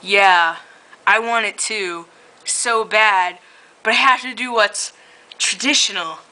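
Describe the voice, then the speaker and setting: A woman reading the lines of a calm, reserved young male vampire in a fan story, close to her own voice and prone to giggles. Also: medium pitch, takes it slowly, poor audio. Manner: read aloud, breaking into giggles.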